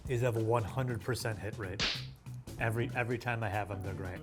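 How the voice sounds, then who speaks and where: A man's voice: on the low side, fairly even intonation, fairly quick, soft background music. A man hosting a food review show, talking in an enthusiastic, jokey, playful way. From United States. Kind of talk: casual food review chat.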